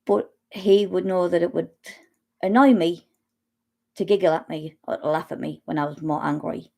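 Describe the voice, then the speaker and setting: A middle-aged woman speaking slowly and haltingly about her own experience, pausing often and restarting her sentences. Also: fairly low pitch, steady tone, gravelly, darkish tone. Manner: slow, halting, with long pauses and restarts. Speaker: speaker sharing personal experience. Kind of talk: personal testimony talk.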